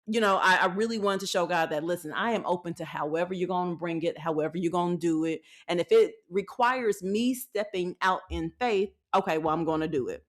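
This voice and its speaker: A woman in her thirties hosting a podcast, giving frank faith-based dating advice in a folksy, animated way, acting out what people said. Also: fairly low pitch, brisk, few pauses. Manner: animated storytelling with acted-out quotes; folksy, frank, laughs often. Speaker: podcast host.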